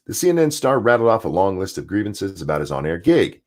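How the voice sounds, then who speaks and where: A man's voice: low voice, big pitch swings, quick pace. A man hosting a live stream, reading news articles aloud and ranting about them with sarcasm and profanity.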